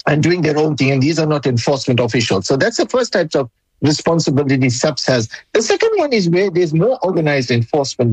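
A government official giving a formal interview answer, talking deliberately and emphatically with frequent restarts. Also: mid-range voice, breathy edge, no room sound, low-quality recording.

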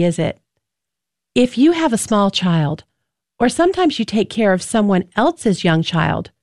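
A woman presenter talking reflectively to listeners, asking them gentle questions. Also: medium pitch, no echo, studio quality.

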